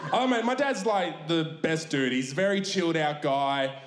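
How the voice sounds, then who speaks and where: A man's voice: on the high side, measured pace, reverberant. A young Australian man doing a stand-up routine on a comedy club stage, laid-back and swearing as he tells a story.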